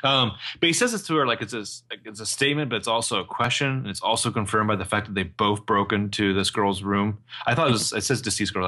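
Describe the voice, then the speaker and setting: A man co-hosting a casual TV recap podcast, joking and swearing freely. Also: lowish voice. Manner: lively, profane, jokey. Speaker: podcast co-host.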